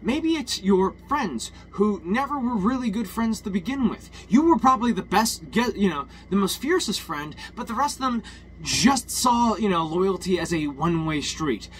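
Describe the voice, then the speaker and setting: A man's voice: high-pitched, expressive, moderate pace, a little hiss or hum. A man ranting in a heated, rambling personal monologue, swearing often and restarting his sentences.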